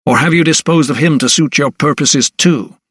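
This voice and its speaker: A man's voice: fairly high pitch, moderate pace, fairly bright tone, breathy edge, no room sound, studio quality, pitched above the performer's own voice. A man voicing a hot-tempered young doctor in an audiobook, speaking with heated indignation. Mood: indignant.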